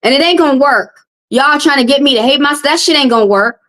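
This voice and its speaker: Speaking quickly in a high, slightly bright voice, a live-stream host who reads tarot lets loose on her chat. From the American South, she's upset and confrontational and keeps repeating her points in this heated rant.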